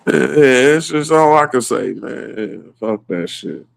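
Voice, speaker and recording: Laughing, profane man, lively pitch. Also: a little slow, vocal fry, dry recording. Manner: profane, laughing often mid-sentence. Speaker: comedic ranter. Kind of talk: casual comedic rant.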